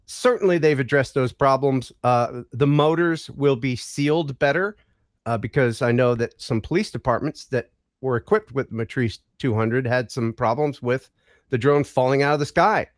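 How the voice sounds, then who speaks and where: A man's voice: medium pitch, moderate pace, no echo, clean studio sound. A man guesting on a live stream, joking playfully in casual chat over a video call. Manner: jokey, playful, mock-Australian quips.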